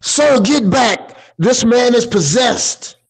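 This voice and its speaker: A man's voice: very high-pitched, lively intonation, slow, creaky, slightly rough, rough recording. A man playing a tabletop game and speaking in character, earnest and preachy. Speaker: player.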